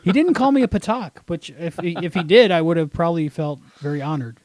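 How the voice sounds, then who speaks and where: A man hosts a podcast in a relaxed, thinking-aloud manner, often trailing off mid-thought. The recording is dry and close. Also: a little high, fairly quick, dry recording. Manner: musing and hesitant, trailing off. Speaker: podcast host. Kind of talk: casual podcast chat.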